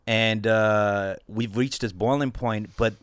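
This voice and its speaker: A man's voice: fairly low pitch, fairly even intonation, takes it slowly, clean tone, dry recording. A man hosting a podcast in a loose, casual chat, laughing often. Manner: laid-back, loose and chatty, laughs often. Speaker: podcast host.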